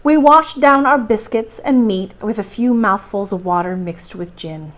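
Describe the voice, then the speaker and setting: A woman reading a classic adventure novel aloud as a bedtime story, in steady, clear narration. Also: mid-range voice, a little slow. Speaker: library storytime reader.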